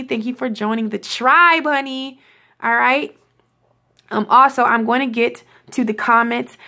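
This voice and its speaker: A woman's voice: fairly high pitch, a bit bright. A young woman hosting a spiritual reading channel, talking in a casual, effusive way, swearing freely and laughing often.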